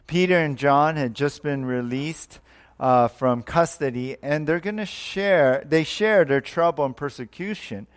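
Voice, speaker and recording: Married pastor preaching in prayerful repetitions. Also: male voice, fairly high pitch, a little slow, smooth. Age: adult, married. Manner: repetitive prayerful phrasing, voice dropping away on closing words. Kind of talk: sermon.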